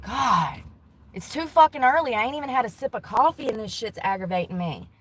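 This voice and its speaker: A woman's voice: a little high, animated, brisk, noisy background. A woman vlogging from inside a car, ranting bluntly with lots of swearing. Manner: profane, blunt, exasperated ranting. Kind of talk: casual ranting vlog.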